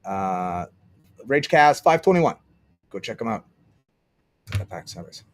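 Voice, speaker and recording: A man's voice: fairly low pitch, very animated, measured pace, no echo. Rambling, sarcastic man livestreaming. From Canada. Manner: rambling, sarcastic, mutters while searching. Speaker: livestream host. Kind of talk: casual solo livestream commentary.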